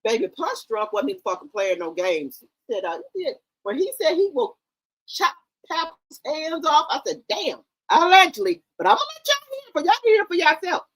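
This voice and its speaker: Woman gossip host, high and very animated, profane and theatrical, AAVE speech. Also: normal speed, rough recording. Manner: animated, profane, dramatic retelling. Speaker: commentary channel host. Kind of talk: casual gossip commentary.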